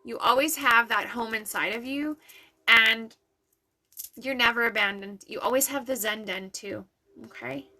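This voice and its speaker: A woman doing intuitive readings for viewers on a live stream, in an affirming, chatty way with soft laughs. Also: a little high, unhurried. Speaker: intuitive reader.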